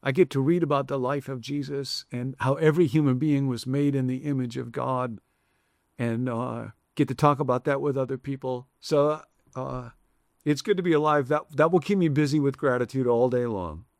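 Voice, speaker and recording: Gravelly reflective male preacher. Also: medium pitch, normal speed, no room sound, studio quality. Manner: reflective, conversational preaching with varied emphasis. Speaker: pastor. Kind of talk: sermon.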